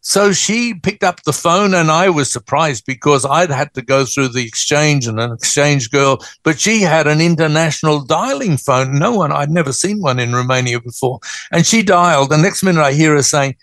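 An older man with an Australian accent, a guest telling his story in a lively, anecdotal way. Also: fairly high pitch, normal speed, few pauses, no room sound. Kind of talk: storytelling interview.

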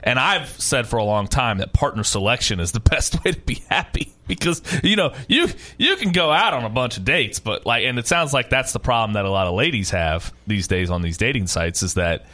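A man co-hosting a radio talk show, joking with halting restarts and frequent laughs. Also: medium pitch, lively intonation, sharp tone. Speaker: radio co-host. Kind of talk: casual radio banter.

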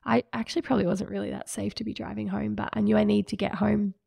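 A woman's voice: medium pitch, level tone, fast talker, gravelly, mellow, no room sound, studio quality. A woman hosting a podcast, candidly and emotionally recounting a personal experience in a reflective way. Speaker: podcast host.

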